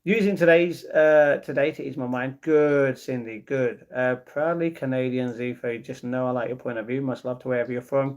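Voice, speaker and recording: On a casual livestream, a man reads out what viewers write and responds with easygoing replies. He has a mid-range voice and talks at normal speed with barely any pauses. The recording has its highs cut off.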